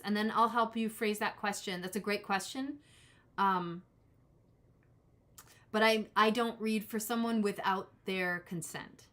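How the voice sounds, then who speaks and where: A woman in her forties, mid-pitched, talks in a loose, rambling way through a live-stream tarot reading. She often restarts her sentences and turns aside to greet people in the chat. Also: sharp tone. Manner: rambling, self-interrupting, talks to chat viewers. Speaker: tarot reader.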